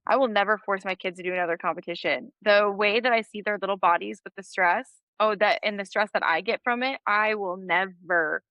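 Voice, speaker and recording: A woman in her thirties tells a story with animated energy and frequent laughter. Her voice is bright and clear, in the middle of her range. The recording is dry and close, with no room echo. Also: medium pitch, a little fast, hardly any pauses. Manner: animated, laughs often while telling a story. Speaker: podcast guest. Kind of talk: storytelling in a casual interview.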